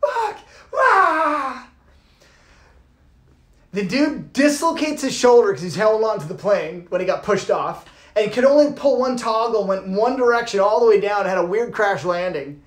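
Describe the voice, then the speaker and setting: A man, a yoga teacher, giving an informal talk and telling a lively story, swearing casually and acting out the people in it. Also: high-pitched, moderate pace, few pauses. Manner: animated, swears casually, acts out voices. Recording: roomy echo.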